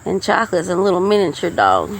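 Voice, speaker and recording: Quick and sing-song, a middle-aged woman's lowish, creaky voice carries a folksy monologue on her podcast, full of restarts and tangents. The recording is rough, and faint crickets and outside traffic can be heard.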